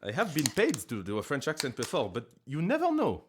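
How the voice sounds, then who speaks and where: A man chatting casually on a live stream from his living room, rambling and joking at himself with sudden loud outbursts. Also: on the high side, huge pitch swings, fairly quick, background noise.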